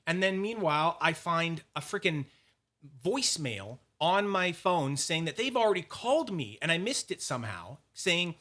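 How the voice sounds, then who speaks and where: A young man from Canada telling a casual story on his vlog, animated and swearing, acting out the people he dealt with. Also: a little high, normal speed. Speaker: YouTube fidget collector host.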